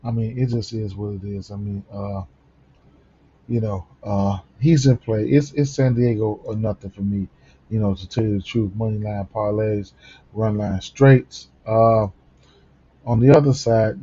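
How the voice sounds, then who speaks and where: A man's voice: lowish voice, fairly even intonation, measured pace, dark tone, muffled recording, a little hiss or hum. A man hosting a casual sports betting picks rundown, sleepy in the early morning and rambling with many fillers and restarts.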